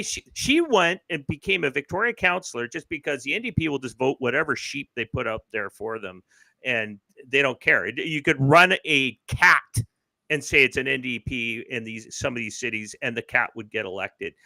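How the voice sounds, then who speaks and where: A man's voice: mid-range voice, moderate pace, gravelly, bright, forceful tone, no echo, low-quality recording. A man from Canada hosting a political livestream, ranting sarcastically over a webcam mic. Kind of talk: political commentary rant.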